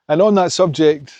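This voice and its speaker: A young man with a Scottish accent rambles and gives his opinions while hiking through the mountains. His voice sits a little high for a man, and the sound is dry and close, with no echo. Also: a little mellow. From Scotland. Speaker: hiking vlogger. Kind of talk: casual vlog chat on a walk. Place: outdoors in mountains.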